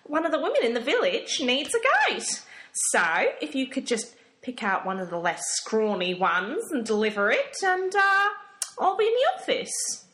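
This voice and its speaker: A woman's voice: high-pitched, huge pitch swings, normal speed, a bit bright, exaggerated voice. A woman playing a flustered, hesitant charity organizer in a comedy sketch.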